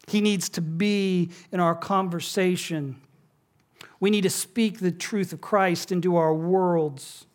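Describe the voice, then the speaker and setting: Man preaching, fairly high voice. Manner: storytelling, conversational, drops soft and low on key words. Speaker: pastor. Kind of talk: sermon.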